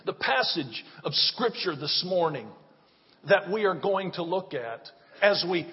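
A male pastor preaching an excited sermon, with call-and-response lines and drawn-out phrases. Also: high voice. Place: church sanctuary. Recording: dull sound, long church reverb.

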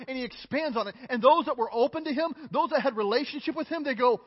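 A male pastor preaches a sermon in a very high voice, fast and with few pauses. He's earnest and emphatic, repeats his phrases and jokes at his own expense. The sound is dull and lo-fi in a reverberant hall.

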